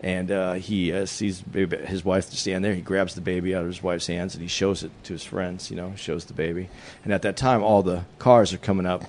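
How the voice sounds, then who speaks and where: A man who is a stand-up comedian, telling a dark joke as a story in casual, profane podcast talk. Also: low-pitched, level tone, a little fast, few pauses, slight background noise.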